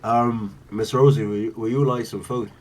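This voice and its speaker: A man's voice: on the low side, fairly even intonation, moderate pace, a little mellow, natural voice. A man voicing a fussy male innkeeper who stammers politely while offering food.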